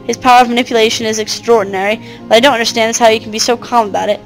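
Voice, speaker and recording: A woman voicing a smug, manipulative old male asylum doctor who lectures calmly. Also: on the high side, rapid-fire, soft background music, lightly acted, low-quality recording.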